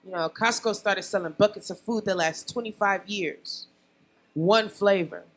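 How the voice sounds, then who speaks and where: A young woman doing a loud, brash, profane stand-up comedy set on a bar stage. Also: mid-range voice, a little slow, poor audio. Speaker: stand-up comic.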